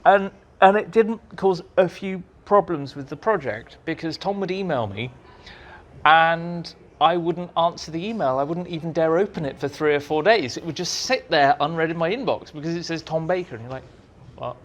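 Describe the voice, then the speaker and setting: A man, a writer being interviewed at a fan society, telling lively anecdotes and mimicking people in squeaky voices. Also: normal speed. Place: room at a fan society meeting.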